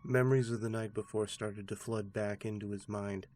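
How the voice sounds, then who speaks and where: A man, host of a horror channel, giving a scripted narration of a scary story in a steady, measured way. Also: lowish voice. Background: faint background music.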